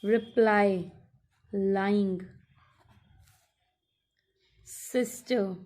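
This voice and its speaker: A woman teacher explaining workbook exercises in a recorded lesson, slowly and step by step, repeating her instructions. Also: medium pitch, fairly even intonation, a little mellow.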